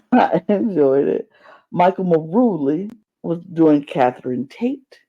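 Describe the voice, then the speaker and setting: Man, podcast co-host, casual rambling chat, gravelly, mellow tone, dull lo-fi sound. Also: a little high, lively intonation, slow pace. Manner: chatty, rambling, many fillers and restarts. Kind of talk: casual reality-TV recap chat.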